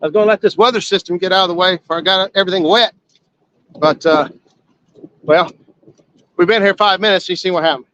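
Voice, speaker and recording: Excitable high-voiced man live-streaming from a boat. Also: quick pace, pauses often. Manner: excitable, whooping, folksy. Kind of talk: casual live-stream chat. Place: outdoors on a fishing boat on a river. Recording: lo-fi outdoor stream with boat noise.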